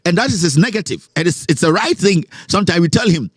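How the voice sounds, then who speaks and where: A Ghanaian man hosting a talk show, giving animated, mocking commentary and mixing English with Twi. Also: sits high, quick pace, breathy edge, no room sound, studio quality.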